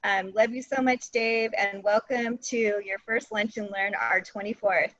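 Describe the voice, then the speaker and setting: A woman's voice: mid-range voice, measured pace, a bit bright, dry recording, dull audio. A woman hosting an online talk, introducing her guest in a gushing, effusive way. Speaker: host.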